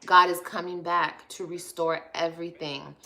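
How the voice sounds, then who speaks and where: A woman's voice: fairly low pitch, level tone, normal speed, bright, forceful tone. Profane, heated woman ranting on stream. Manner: blunt, profane, passionate. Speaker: vlogger. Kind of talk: livestream rant.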